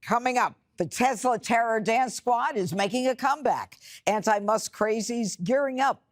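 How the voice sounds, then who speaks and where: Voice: medium pitch, normal speed. A panel host moderating a TV talk show and teasing the next segment.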